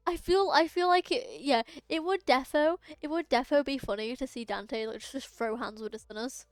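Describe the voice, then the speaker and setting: A chatty young woman talks to her stream in a high, smooth voice, stumbling and restarting as she goes. The sound is dry and close on a desk mic. Soft game music runs underneath. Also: moderate pace, no echo. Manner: chatty, rambling, with many restarts. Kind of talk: casual live-stream chat.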